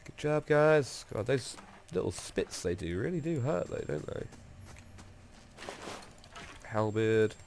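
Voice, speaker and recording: With a medium-pitched, gravelly, slightly mellow voice that's stuffy and nasal from a cold, a young let's play host speaks slowly and animatedly, leaving long pauses over a little hiss or hum. He rambles and jokes while playing a game, swearing freely now and then.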